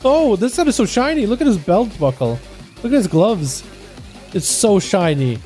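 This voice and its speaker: A man streaming live, chatting with his viewers and commentating game duels in an energetic, hyped way. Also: high-pitched, normal speed, soft background music.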